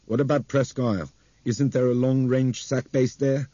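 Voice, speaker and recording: A man's voice: medium pitch, steady tone, moderate pace, mellow, dry recording, lo-fi sound, voice pushed up, natural voice. A man voicing an insistent passenger who presses the pilot with questions. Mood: probing. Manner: probing, insistent.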